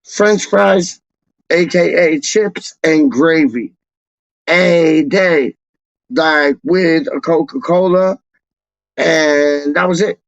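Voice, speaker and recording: A man's voice: a little high, extremely slow, dry recording. A young American man chatting casually and rambling about food, slangy and laid-back, on a slightly dull lo-fi recording. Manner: slangy, laid-back, constantly says "dog". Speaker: football fan channel host.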